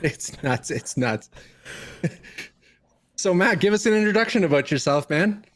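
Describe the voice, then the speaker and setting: A young man from Northern Ontario in Canada who hosts a casual podcast, upbeat and quick to laugh, repeating his catchphrases. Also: sits high, expressive, fairly bright tone. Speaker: podcast host.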